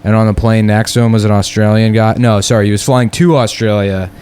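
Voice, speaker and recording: Man, comedy podcast co-host, wry deadpan banter, faint background noise. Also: on the low side, brisk.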